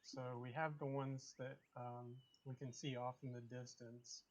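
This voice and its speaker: A man playing a tabletop game, thinking his party's plan through out loud. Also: mid-range voice, flat delivery, unhurried, muffled recording. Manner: thinks out loud, planning tactics. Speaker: player.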